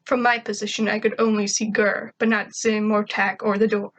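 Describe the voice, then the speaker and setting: A woman's voice: mid-range voice, flat delivery, normal speed, rough recording. A woman reading a first-person story aloud in a snarky, conversational way. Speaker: fan fiction reader.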